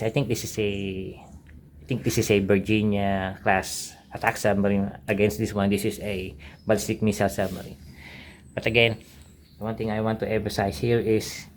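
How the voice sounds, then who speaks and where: A middle-aged man who hosts an art channel casually talks through his old drawings in a sketchbook tour, rambling with many fillers and restarts. His voice is lowish and a little mellow, with slight background noise.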